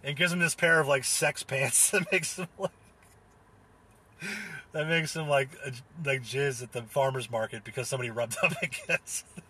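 A young man with a husky, bright-edged voice talks in a loose, rambling way. He leans on fillers and restarts, laughs through his words and swears freely. His tone stays casual and unscripted throughout. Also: mid-range voice, fairly even intonation, moderate pace. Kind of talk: casual solo chat recounting a comedy show.

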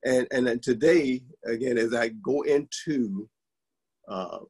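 Man guest teacher, gravelly voice, husky, hesitant, filler-heavy. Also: mid-range voice, takes it slowly, low-quality recording. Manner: hesitant, many fillers, warm. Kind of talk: conversational teaching.

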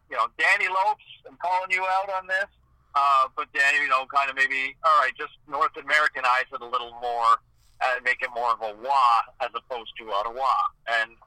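A man's voice: on the high side, no echo, low-quality recording. A man from Eastern Ontario, a hockey game commentator, telling stories in a casual chat, full of "like" and restarts. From Eastern Ontario, Canada. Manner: animated storytelling, many "like"s and restarts.

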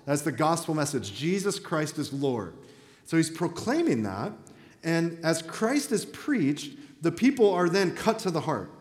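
A man's voice: on the high side, big pitch swings, measured pace. A man preaching a sermon as pastor in a church, talking in a conversational but emphatic way. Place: church sanctuary. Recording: echoey hall reverb.

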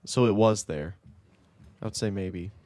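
Deadpan low-voiced man in chat. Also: a little slow, dry recording. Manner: wry deadpan quips. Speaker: podcast co-host. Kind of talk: casual chat.

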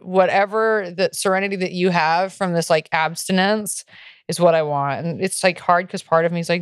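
A woman's voice: on the low side, moderate pace, clear, resonant tone, dry recording, studio quality. A young woman co-hosting a podcast in casual chat, candid and profane, rambling with lots of fillers. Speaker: podcast co-host.

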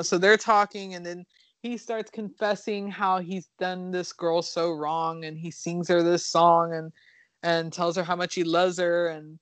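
A woman co-hosting a casual podcast, rambling through movie plots in an animated way, with fillers and the odd swear. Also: on the low side, no room sound. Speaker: podcast co-host reviewing horror films.

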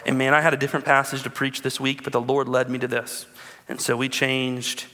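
A man in his thirties, a pastor preaching a sermon with animated storytelling and calls to the congregation. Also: medium pitch, fairly quick, in a large hall.

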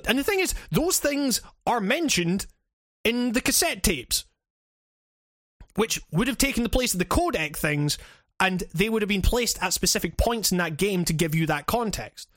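A man's voice: high-pitched, lively intonation, normal speed, fairly bright tone, no room sound, clean studio sound. A man ranting about a game in casual chat, rambling and swearing with many restarts. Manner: rambling, profane, frequent restarts.

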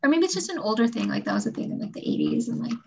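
A woman's voice: on the high side, huge pitch swings, rapid-fire, creaky, darkish tone. A woman from Canada co-hosting a podcast, chatting casually, giggly and rambling with lots of "like". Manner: giggly, rambling, heavy use of filler "like". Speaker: podcast co-host. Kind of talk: casual chat. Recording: slightly dull lo-fi sound with faint noise.

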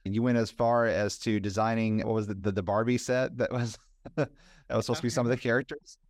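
A man's voice: on the low side, fairly even intonation, a little fast, a little mellow, no room sound, studio quality. A man hosting a podcast interview, asking conversational, rambling questions. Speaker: podcast host. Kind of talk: casual interview chat.

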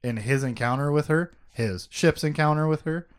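A man's voice: fairly high pitch, moderate pace, clean tone. A man co-hosting a casual podcast, rambling and self-mocking, swearing freely as he recaps a story. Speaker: podcast co-host recapping a book.

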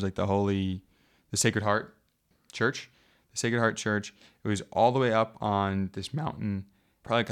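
Young american dude rambling on a podcast, lots of "like", kinda low voice. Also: male voice, clear, resonant tone. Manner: relaxed, rambling, heavy use of "like". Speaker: podcast co-host. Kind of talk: casual chat.

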